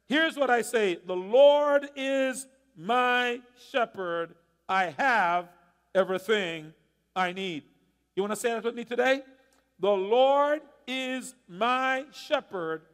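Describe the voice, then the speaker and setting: A man's voice: extremely high pitch, big-room sound. A male pastor preaching a sermon, asking the congregation to answer and repeat lines back. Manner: preaching with call-and-response questions to the congregation. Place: church sanctuary.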